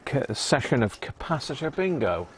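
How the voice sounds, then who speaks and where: Gravelly man chatting while tinkering. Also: medium pitch, very animated, moderate pace, slight background noise. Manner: chatty, rambling, muttering to himself as he works. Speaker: radio repair live-streamer. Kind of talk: casual live-stream chat while repairing. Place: home workshop upstairs.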